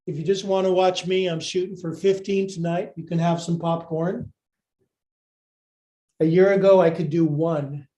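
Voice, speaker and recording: A man's voice: high-pitched, steady tone, normal speed, mellow. A male yoga teacher leading a live-streamed class, cueing poses with playful jokes and sometimes out of breath.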